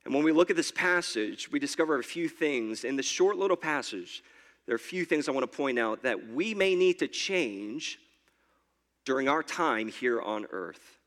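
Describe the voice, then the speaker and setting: A man's voice: medium pitch, animated, normal speed, a bit bright. A man pastor preaching a sermon in a church in a conversational way, often stammering and repeating his words. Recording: long hall reverb.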